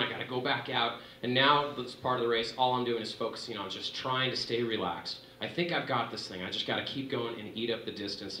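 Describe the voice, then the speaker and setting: A young man giving a dinner speech, telling the story of a race in an excited, animated way, his voice climbing when he gets thrilled. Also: mid-range voice. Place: banquet room. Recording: echoey room from far off.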